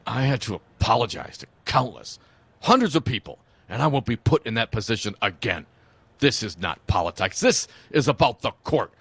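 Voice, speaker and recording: A man's voice: mid-range voice, very animated, moderate pace, a bit bright, slightly rough, dry recording, full character voice. A man putting on a pompous judge for a mocking impression on talk radio. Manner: pompous, self-important. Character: pompous middle-aged male judge quoted.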